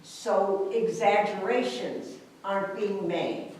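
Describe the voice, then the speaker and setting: An older woman makes her case to a city council, emphatic and lively as she acts out the neighbors' remarks. Her voice sits in a middle range. It echoes heavily around the meeting room, heard from a distant mic over a faint hum. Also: medium pitch, slow pace. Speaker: resident speaking at public comment. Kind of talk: impassioned public comment.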